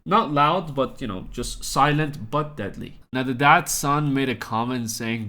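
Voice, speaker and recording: A man's voice: mid-range voice, a little slow, hardly any pauses, pushed and bright. Casual, crude young man commentating. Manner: joking, crude, conversational. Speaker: commentary YouTuber.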